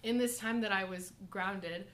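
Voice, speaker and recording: A young woman in a church college group, giving a personal testimony and short lesson, talking softly and haltingly with many fillers and nervous laughs. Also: medium pitch. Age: young adult.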